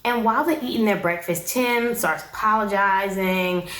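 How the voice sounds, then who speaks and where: A woman's voice: medium pitch, moderate pace, fairly bright tone. Slangy woman recapping a show, roomy sound. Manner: slangy, opinionated, chatty. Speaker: reality TV recap host. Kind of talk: casual recap commentary.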